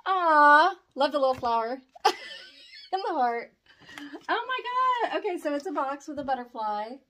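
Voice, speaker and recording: Gushing woman, very animated pitch. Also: measured pace. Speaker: vlogger opening fan mail. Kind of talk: excited unboxing chat.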